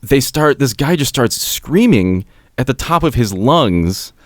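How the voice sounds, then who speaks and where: Animated man telling a wild story. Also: medium pitch, measured pace, dry recording, clean studio sound. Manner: acts out quoted voices, laughs while telling. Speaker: podcast co-host telling a story. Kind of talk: casual chat, animated anecdote.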